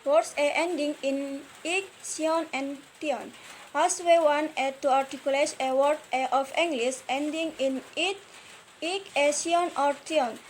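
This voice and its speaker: Young Indonesian-accented woman student, high voice, hesitant class talk. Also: a little hiss or hum. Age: young adult. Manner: halting, frequent hesitations and restarts. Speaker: university student. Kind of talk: recorded class presentation.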